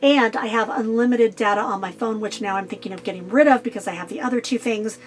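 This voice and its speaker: Fast-talking woman RV vlogger. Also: fairly high pitch, a little hiss or hum. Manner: fast, to-the-point talker who cuts out filler. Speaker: solo full-time RV vlogger answering viewer questions. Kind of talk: casual direct-to-camera Q&A.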